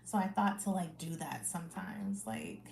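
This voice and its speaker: A woman hosting a livestream, reading scripture aloud and then chatting casually with viewers in a relaxed way, full of fillers like "like" and "um". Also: fairly low pitch, creaky, slight background noise. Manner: unhurried, relaxed, with many fillers like "like" and "um". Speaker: livestream Bible reading host. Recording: echoey room.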